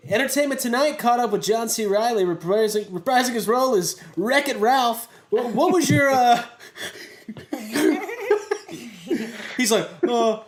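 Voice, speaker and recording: A man co-hosting a podcast in casual banter, animated and joking, swearing casually. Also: very high-pitched, unhurried. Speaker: podcast co-host. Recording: echoey room with clear noise.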